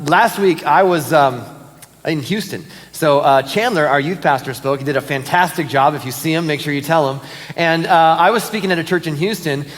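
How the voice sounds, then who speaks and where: With a big-room sound and a voice a little on the high side, this man is a pastor making informal announcements and telling stories at a church service in the auditorium. He laughs often, uses fillers, and tells his stories with energy.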